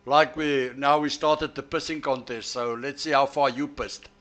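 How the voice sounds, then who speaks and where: Streaming a sim race, a man chats with friends over voice chat and teases them, halting and repeating words as he restarts. His mid-range voice is a bit bright with fairly even intonation.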